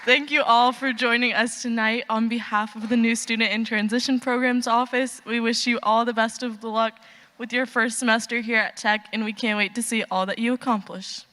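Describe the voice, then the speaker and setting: A woman's voice: on the high side, steady tone, moderate pace, bright, forceful tone. A woman hosting a campus event, giving upbeat, formal closing remarks. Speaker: event host. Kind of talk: scripted stage hosting. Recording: reverberant hall with faint noise.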